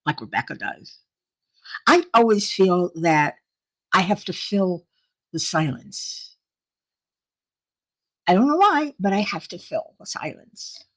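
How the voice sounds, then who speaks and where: Slow, chatty woman hosting a livestream. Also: on the low side, sing-song. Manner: chatty, laughing often, reading out viewer comments. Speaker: livestream host. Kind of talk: casual livestream chat with viewers.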